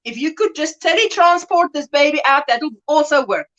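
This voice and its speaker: A middle-aged woman chats on her livestream in a loose, rambling way, laughing often and acting out small scenes as she greets viewers. Her voice sits high, with a bright edge, and it swoops up and down. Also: lively intonation, a little fast, dull audio. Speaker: livestream host. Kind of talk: casual livestream chat.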